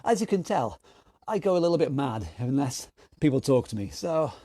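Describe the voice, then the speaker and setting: A man's voice: medium pitch, big pitch swings, moderate pace, mellow, no echo, clean studio sound. A man leading an online workout class from his garage, counting down rounds and joking around while out of breath. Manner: jokey, rambling coaching with countdowns. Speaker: fitness instructor. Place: home garage.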